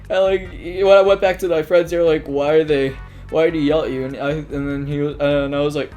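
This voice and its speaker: A man's voice: on the high side, steady tone, brisk, a little mellow, soft background music. A man telling school stories in a casual, rambling monologue, full of filler words, restarts and offhand swearing.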